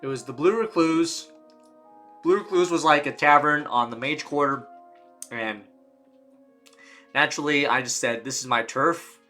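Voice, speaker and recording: Bright-voiced man rambling casually. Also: fairly high pitch, unhurried, pauses often, faint music behind. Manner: rambling, slangy, reading old guild posts aloud. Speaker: gaming video creator. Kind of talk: casual nostalgic retrospective.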